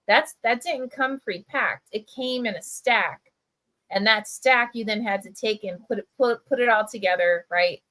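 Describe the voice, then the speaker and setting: A woman's voice: a little high, moderate pace, pushed and bright, low-quality recording. A middle-aged woman from New Jersey, a press editor, chatting casually on a livestream as she tells a childhood story, full of "like" and "right?". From Camden, New Jersey. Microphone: video call.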